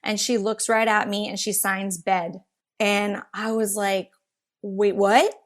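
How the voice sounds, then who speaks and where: A woman in her thirties, a podcast guest, telling animated, rambling stories with quick restarts. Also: mid-range voice. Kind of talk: casual interview storytelling.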